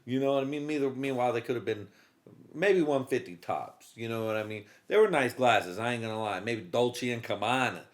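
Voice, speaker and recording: A man's voice: mid-range voice, a little fast. A man hosting a comedy podcast, telling a story casually in a profane, rambling way with lots of fillers. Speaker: podcast host.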